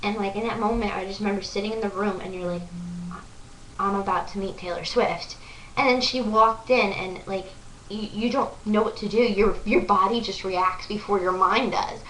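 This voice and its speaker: A young woman vlogger excitedly telling a story to the camera, gushing and full of "like" fillers. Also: medium pitch, normal speed, far from the mic, a little hiss or hum. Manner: breathless, gushing, lots of "like" fillers. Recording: echoey room, voice off-mic.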